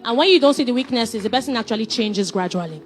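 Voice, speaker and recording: A woman, giving marriage advice as a counselor. She speaks in an animated, emphatic way and acts out conversations as she tells stories. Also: a little high, quick pace, faint music behind. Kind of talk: motivational relationship talk.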